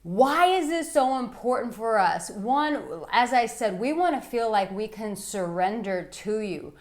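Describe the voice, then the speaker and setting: A woman working as an intimacy coach, giving frank, playful instruction to men with animated asides. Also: mid-range voice, a little slow. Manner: blunt, playful and animated, with bursts of laughter and acted-out asides. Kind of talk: frank instructional talk to camera.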